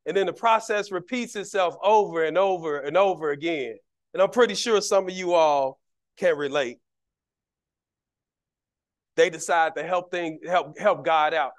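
Middle-aged deacon, high-pitched, conversational preaching style, acts out the voices in his stories. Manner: animated, jumps between loud and soft, acts out quoted voices; conversational, repeats words while building a point. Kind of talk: sermon with personal stories.

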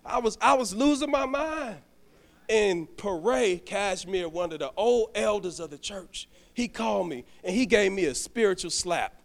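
Speaking from a church sanctuary, a deacon preaches to the congregation through a personal story, often tripping over words and starting again. He has a high-pitched, gravelly, expressive voice at a measured pace.

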